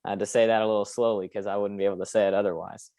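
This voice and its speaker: Brief: young male podcast host, low voice, dry close mic, opinionated, rambling. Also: fairly even intonation, racing, mellow, no room sound. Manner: opinionated, rambling with frequent fillers. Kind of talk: casual sports podcast chat.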